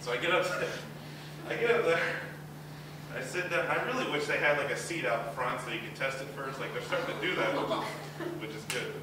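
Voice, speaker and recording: A man's voice: medium pitch, lively intonation, noisy background. A young man performing a rambling, self-deprecating stand-up comedy set as a student comic. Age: young adult. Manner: rambling, self-deprecating, with quick acted-out asides. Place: university talent show stage. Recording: distant, very echoey hall mic with crowd ambience. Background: audience laughter.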